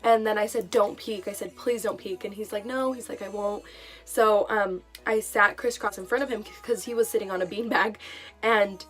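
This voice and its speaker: A young woman tells a personal story to her vlog audience in a loose, chatty way. She is emotional and full of fillers. Soft music plays faintly underneath. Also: mid-range voice, steady tone, normal speed. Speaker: vlogger. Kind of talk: casual storytime.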